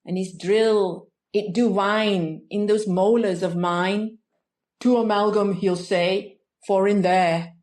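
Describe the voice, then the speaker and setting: A woman's voice: mid-range voice, fairly even intonation, slow pace, darkish tone, roomy sound, lightly acted. Woman doing a rueful West Country rhymer. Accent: attempted West Country. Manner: sing-song rhyming delivery. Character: rueful older West Country person, neglected teeth. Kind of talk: comic poem recitation.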